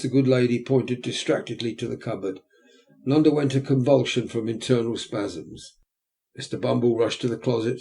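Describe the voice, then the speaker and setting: A man narrating a classic novel as an audiobook, in a measured, expressive storytelling manner. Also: medium pitch.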